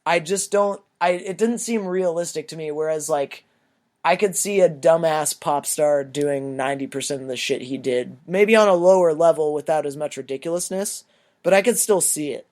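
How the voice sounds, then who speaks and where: A man with a fairly high voice talks through his take on a film. He is loose and rambling, swears easily, and sounds like a relaxed podcast co-host in casual chat. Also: normal speed. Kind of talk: casual movie review chat.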